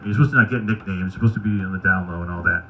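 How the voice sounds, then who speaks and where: A man doing stand-up, telling wry, crude anecdotes in a deadpan way. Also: low voice, rapid-fire, lo-fi sound. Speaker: stand-up comedian. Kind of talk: stand-up storytelling at an open mic.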